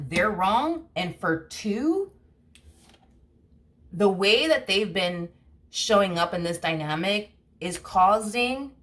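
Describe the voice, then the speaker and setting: A woman's voice: mid-range voice, fairly bright tone. A woman giving a casual tarot reading, rambling and blunt, full of fillers and the odd curse word. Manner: rambling, heavy "you know" and "like" fillers, blunt swearing. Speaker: tarot reader.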